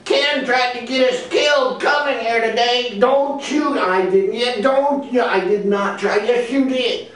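A man voicing George, a cocky, loudmouthed redneck puppet boxer with a high-pitched, brash drawl. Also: unhurried. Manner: boastful and insulting. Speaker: ventriloquist's puppet. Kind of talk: ventriloquist comedy act. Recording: echoey hall from far off.

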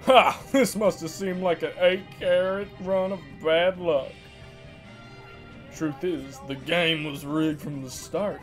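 A drawling Western gunslinger stretches every word out, loud and theatrical, as a man puts him on. The voice sits slightly high for a man. Faint game music plays underneath. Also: fairly even intonation. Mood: menacing swagger. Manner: slow, drawn-out, loud dramatic delivery. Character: slow-talking male Western gunslinger. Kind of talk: dramatic reading of game dialogue.

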